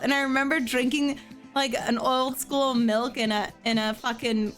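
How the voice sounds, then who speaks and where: A woman in her thirties from Pennsylvania tells a story casually and with animation, and her voice sits fairly high. She scatters "like" through nearly every sentence, and faint music plays behind her. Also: normal speed. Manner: animated, filler-heavy with frequent "like".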